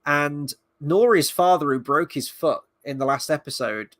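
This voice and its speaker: A man's voice: fairly high pitch, measured pace, fairly bright tone, dry recording, clean studio sound. A man giving a casual spoken review of a TV episode, rambling and sarcastic, swearing now and then. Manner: rambling, sarcastic, swears, mocks scenes in quoted voices. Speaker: video reviewer.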